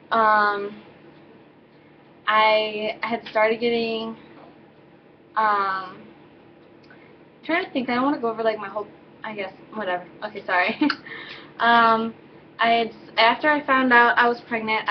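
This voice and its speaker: A woman's voice: a little high, steady tone, measured pace, long pauses, dull audio, a little hiss or hum. A teenage girl telling a personal story in a loose, rambling way, full of fillers and self-corrections, recorded at home. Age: teens. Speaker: vlogger. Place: home, indoors with baby.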